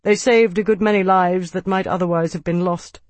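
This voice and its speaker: A man's voice: high voice, steady tone, normal speed, no room sound, pitched above the performer's own voice, natural voice. A man voicing a stern older male senator, speaking in clipped, cold commands to a junior officer.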